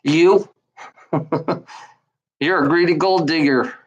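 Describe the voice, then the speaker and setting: On a recording with the highs cut off, a man with a voice on the high side speaks extremely slowly and with fairly even intonation. Alone on a livestream, he delivers a rambling, profane rant at trolls in his chat, scornful, repetitive, and talking back to them.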